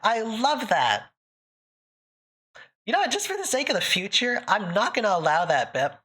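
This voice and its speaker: A woman's voice: medium pitch, wildly swooping pitch, fast talker, pushed and bright, husky. A woman with a Boston accent chatting casually on a live stream, giggly and talkative, with a slight lisp on her S sounds.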